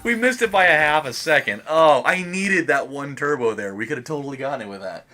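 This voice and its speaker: Bright-voiced rambling gaming commentator. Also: male voice, a little high, fairly quick. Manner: rambling, casual, excitable during close races. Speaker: let's play host. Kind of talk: gameplay commentary.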